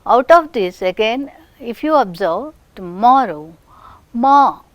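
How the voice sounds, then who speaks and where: Slow Indian English woman lecturing. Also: a little high, animated, no echo. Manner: slow, deliberate, repeats example sentences with stress. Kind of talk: recorded phonetics lecture.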